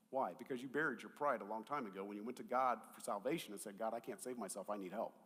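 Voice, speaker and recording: A man preaching a sermon as pastor, animated and conversational, swinging from loud emphatic peaks to quiet asides, with jokes and rhetorical questions. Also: mid-range voice, big-room sound. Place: church auditorium.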